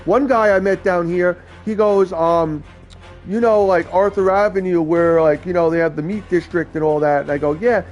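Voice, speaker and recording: A man's voice: high voice, normal speed, darkish tone, faint music behind. Rambling, profane New York man. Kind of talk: casual chat.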